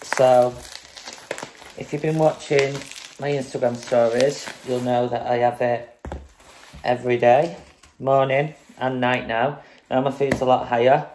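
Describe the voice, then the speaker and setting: A woman's voice: extremely low pitch, steady tone, measured pace, pauses often, a little mellow, slight background noise. A woman casually chatting in a home vlog, breezy and swearing now and then as she shows off products. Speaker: fitness vlogger.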